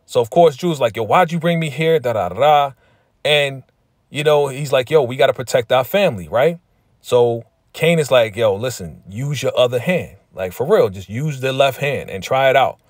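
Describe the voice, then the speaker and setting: A man hosting a casual TV episode recap in a slangy, lively way, often slipping into quotes from the characters. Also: medium pitch, moderate pace, no room sound, clean studio sound. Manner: slangy, with frequent "right?" and "you know". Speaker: TV recap host.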